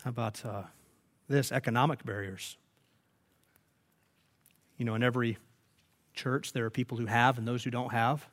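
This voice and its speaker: A man's voice: medium pitch, fairly even intonation, moderate pace, long pauses, fairly bright tone. A man preaching a sermon, telling stories and rising to emphatic peaks. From United States. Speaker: pastor.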